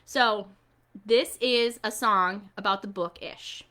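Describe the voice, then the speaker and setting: A woman hosting a children's storytime online, animated and coaxing as she talks straight to the kids. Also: mid-range voice, takes it slowly.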